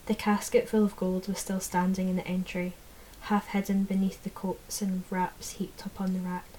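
A woman narrating a fantasy audiobook in the first person, in a measured, low-key way. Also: level tone, warm tone, slight background noise, poor audio.

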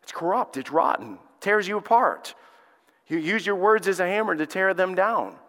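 A man preaching a sermon as pastor, telling stories and acting out quotes with animated delivery. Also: high-pitched, normal speed. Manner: animated storytelling, acts out quotes. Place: church sanctuary. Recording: reverberant church hall.

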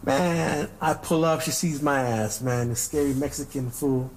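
A man's voice: mid-range voice, measured pace, slight background noise, poor audio. A man from Southern California hosting a podcast, telling stories casually and profanely, with frequent restarts. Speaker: podcast host. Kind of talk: casual storytelling.

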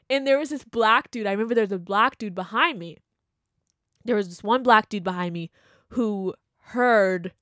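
A young woman telling a story in casual chat, animated and full of fillers, acting out what people said. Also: mid-range voice, dry recording, studio quality. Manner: animated, chatty, full of "like" and laughter, acts out quotes. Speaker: vlogger.

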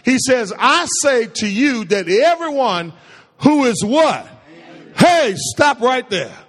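A man's voice: very high voice, big pitch swings, takes it slowly, a bit bright, in a large hall. A man preaching a sermon to a congregation, firing questions at them and drawing call-and-response replies. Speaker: pastor.

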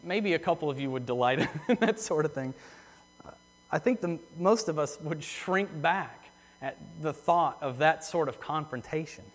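A man preaching a sermon in earnest, repeating phrases for emphasis and slowing down on key words. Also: on the high side, animated. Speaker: pastor. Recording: long hall reverb.

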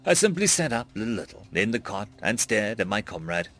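A man's voice: sing-song, brisk, soft background music. A man narrating a dramatic first-person story, raising his voice sharply for panicked lines. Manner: voices characters' panicked shouts with big pitch jumps.

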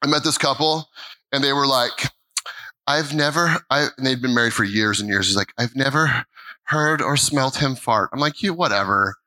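A man's voice: medium pitch, normal speed, sharp tone, low-quality recording. A middle-aged male pastor telling a funny family story in a sermon, acting out voices and laughing along. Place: church stage.

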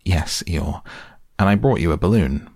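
A man's voice: sits low, lively intonation, moderate pace, creaky, a little mellow, no echo, clean studio sound, heavily acted. A man voicing a small, timid young male piglet, apologetic and anxious, in a storybook reading.

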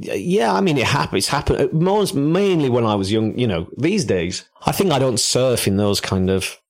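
A man co-hosting a podcast, speaking casually and thoughtfully with pauses and fillers. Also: mid-range voice, big pitch swings. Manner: thoughtful, hesitant, many fillers. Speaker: podcast co-host. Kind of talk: casual chat.

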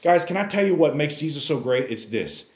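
A man preaching a casual, animated sermon in church, acting out characters in exaggerated voices and using youthful slang. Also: fairly high pitch, a little fast, echoey room. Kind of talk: lively sermon.

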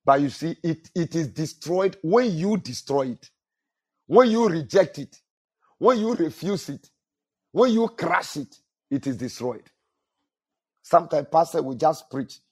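A man's voice: a little high, lively intonation, measured pace, long pauses, darkish tone, husky. A male pastor preaching a sermon, repeating phrases and asking the congregation to fill in words. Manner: repetitive preaching with call-and-response questions to the congregation.

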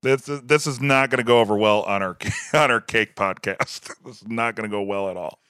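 A man co-hosting a podcast in casual chat, laughing often and reacting with animated outbursts. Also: fairly low pitch, a little fast, clean tone, no room sound, clean studio sound. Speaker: podcast co-host.

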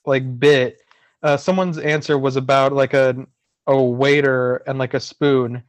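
A man chatting casually on a podcast in a wry way, quick to correct the others. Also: medium pitch, steady tone, dry recording. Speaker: podcast co-host. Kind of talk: casual chat.

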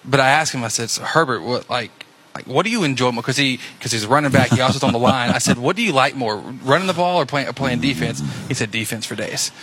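A man's voice: mid-range voice, a bit bright, slight background noise. A man hosting a football preview show, upbeat and asking questions in a casual way. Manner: upbeat, quick reactions, stumbles over questions. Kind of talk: casual interview. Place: live show at a restaurant.

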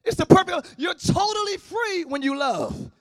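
Black pastor guy preaching loud, real high voice, dry close sound, shouts and sings his lines. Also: expressive, moderate pace, no room sound. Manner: shouting, sing-song preaching with call-and-response. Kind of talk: sermon. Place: church service, before a congregation.

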